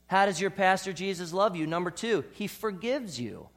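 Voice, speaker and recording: A man preaching a sermon as pastor, dropping to soft, hushed lines and rising to bold, emphatic ones. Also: high-pitched, animated, moderate pace, few pauses. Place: church.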